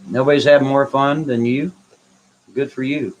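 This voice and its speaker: A man's voice: mid-range voice, fairly even intonation, normal speed, lo-fi sound, slight background noise. A man hosting a live stream, answering viewers' comments in a blunt, brash, dismissive way. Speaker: livestream host reading chat. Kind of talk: casual live chat.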